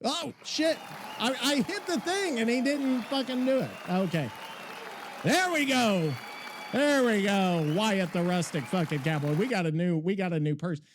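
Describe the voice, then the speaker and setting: Excitable, profane male podcast host. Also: high voice, normal speed, crowd noise, noisy background. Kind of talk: casual podcast chat.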